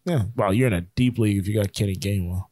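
A man co-hosting a casual sports chat, rambling and excitable, with plenty of fillers and restarts. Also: lowish voice, quick pace. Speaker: podcast co-host.

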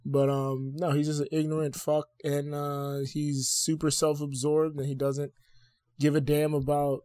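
A man's voice: fairly high pitch, little pitch movement, unhurried, dark tone, no room sound, studio quality. A man in his twenties, co-host of a podcast, talking candidly in casual banter with fillers and easy laughter. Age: 20s.

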